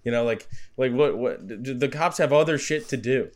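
A young man co-hosting a podcast, trading crude jokes and laughing loudly at his friend's stories. He swears often and talks in a loose, casual way. His voice sits at a middle pitch. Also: brisk. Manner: profane, laughing, joking reactions. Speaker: podcast co-host. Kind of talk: casual chat.

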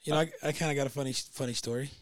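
Man, podcast co-host, relaxed halting storytelling, dry close mic. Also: mid-range voice, dry recording. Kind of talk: casual storytelling chat.

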